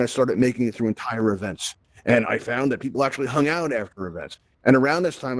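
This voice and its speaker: A man's voice: medium pitch, dry recording. A man giving a chatty live tech presentation in virtual reality, often tagging sentences with "right?", speaking through a headset mic. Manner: chatty, tag questions "right?".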